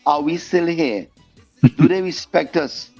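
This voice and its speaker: A man being interviewed as a guest singer, telling stories in a lively way and acting out the voices of the people in them. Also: on the high side, unhurried. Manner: animated storyteller, acts out quoted voices. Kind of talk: storytelling interview chat. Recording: muffled podcast audio with faint music.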